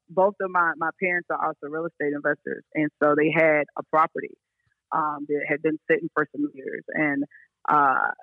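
A young woman from Memphis, a counselor telling her story in casual, animated talk. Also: low-pitched, no echo. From Memphis, USA. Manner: animated, laughs often, fast bursts. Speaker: guest, counselor and therapist. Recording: dull lo-fi sound.

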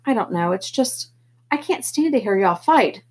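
A woman reading the part of a gentle teenage boy who keeps the peace between his brothers, earnest and pleading, in a breathy voice. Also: animated, moderate pace. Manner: earnest, pleading, a bit higher and louder than her narration. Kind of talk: audiobook character reading.

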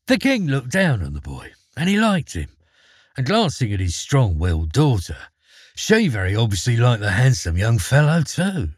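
A male storyteller reads a fairy tale with theatrical flair and wry asides. His voice is husky and swings widely in pitch. The recording is close and dry. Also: wildly swooping pitch, normal speed, no room sound. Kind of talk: expressive fairy-tale narration.

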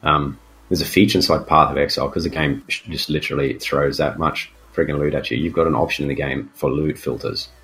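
A man's voice: extremely low pitch, steady tone, brisk, a bit bright. An Australian man co-hosting a podcast, chatting casually about games in a loose, rambling way with plenty of fillers. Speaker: podcast co-host. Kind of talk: casual gaming chat.

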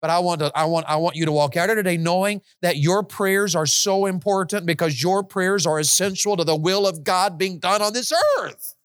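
A man's voice: high-pitched, normal speed, clear, resonant tone, no echo, clean studio sound. A man preaching a sermon in an auditorium, building to impassioned, pleading prayers.

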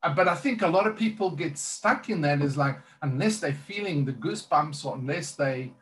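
A man's voice: fairly high pitch, animated, normal speed, fairly bright tone. A man who is a minister, earnestly telling a personal testimony in conversation, rambling with many fillers and restarts.

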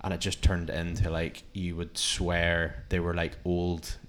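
A man's voice: deep voice, level tone, a little slow. A young man with a Northern Irish accent, chatting casually on a podcast and rambling with lots of fillers. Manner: rambling, many fillers, acts out quotes. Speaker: podcast co-host. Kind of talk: casual chat.

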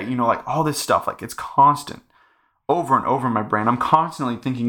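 A man's voice: mid-range voice, fairly quick, bright, forceful tone. A young man hosting a casual faith podcast, talking earnestly in a rambling way full of fillers. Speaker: podcast host.

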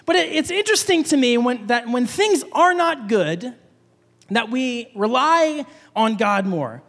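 A young adult man, a pastor, preaching a conversational sermon in a church, telling a personal story with animated delivery and acting out his own panicked thoughts. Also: very high voice, unhurried. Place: church sanctuary. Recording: long hall reverb.

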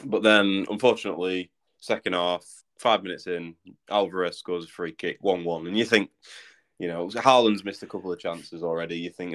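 A man's voice: deep voice, fairly even intonation, normal speed, fairly bright tone. A man co-hosting a football podcast, telling match stories in a teasing, laid-back way. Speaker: podcast co-host. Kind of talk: casual football chat.

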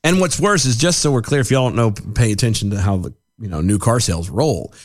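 A man co-hosting a casual political podcast, sarcastic and quick to laugh as he reads out quotes. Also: mid-range voice. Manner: sarcastic, animated, laughs easily. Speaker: podcast co-host.

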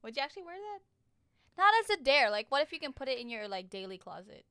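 A woman's voice: high-pitched, big pitch swings, fast talker, pushed and bright, smooth, no room sound. A woman co-hosting a casual podcast chat, playful and giggly, close to the mic. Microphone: close studio mic.

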